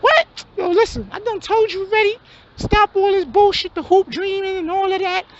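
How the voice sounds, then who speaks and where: A man voicing a loud, scornful male street hustler in a comedy skit, brash and yelling. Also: very high voice, steady tone, moderate pace. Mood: scornful, angry. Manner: brash, yelling, swearing constantly. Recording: dull lo-fi, faint hum.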